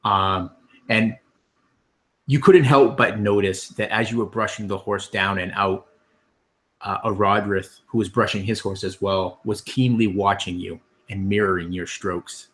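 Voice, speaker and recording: A man's voice: lowish voice, steady tone, a little slow, fairly bright tone. A man narrating scenes as game master of a tabletop game, with many ums and restarts.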